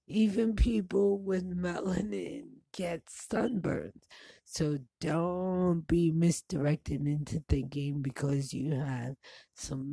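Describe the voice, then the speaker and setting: A woman in her forties, a vlogger, talks bluntly and casually to the camera in a low, gravelly, dark-toned voice. She swears freely and laughs between stories in this personal monologue, recorded dry.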